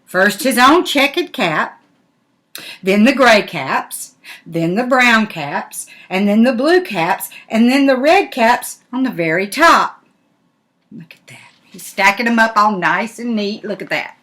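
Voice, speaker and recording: An older woman, a grandmother, reading a picture book aloud in an animated way and asking the listener questions. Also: fairly high pitch, slow. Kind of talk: storybook read-aloud.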